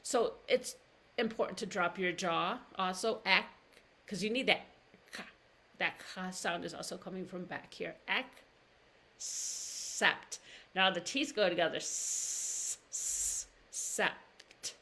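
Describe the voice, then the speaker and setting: Slow-demonstrating woman teacher. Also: on the low side, sharp tone. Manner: slow, drawn-out demonstrations of words, syllable by syllable. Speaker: pronunciation teacher. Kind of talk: live-streamed pronunciation lesson. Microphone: livestream camera mic.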